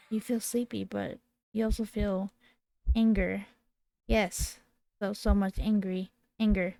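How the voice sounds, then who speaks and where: A woman in her twenties reads a horror game's text aloud at a very unhurried pace. Her delivery is dramatic, her pitch sits in a middle register, and soft music plays faintly behind her voice. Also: fairly even intonation, creaky, no echo. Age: 20s. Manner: slow, dramatic reading with sudden startled outbursts. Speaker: gamer.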